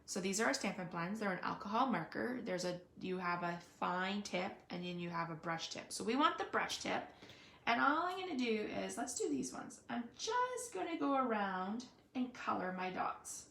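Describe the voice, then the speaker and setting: A woman's voice: mid-range voice, sing-song, normal speed, gravelly, fairly bright tone. A woman giving a casual live card-making demonstration, chatting and thinking aloud with frequent fillers. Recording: echoey room.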